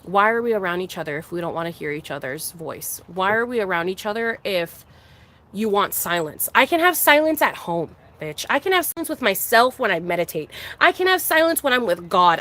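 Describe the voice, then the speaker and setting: A woman's voice: medium pitch, very animated, a little fast, sharp tone. A woman ranting casually to her viewers, exasperated, swearing constantly and restarting her sentences. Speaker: streamer. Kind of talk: casual venting monologue.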